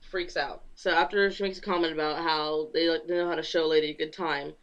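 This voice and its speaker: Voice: mid-range voice, level tone, fast talker, a bit bright. Podcast host walking through a comic, plays out the lines, laughs a lot, kinda muffled sound. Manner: retelling the plot, acting out the quotes, laughing. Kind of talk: casual comic book recap.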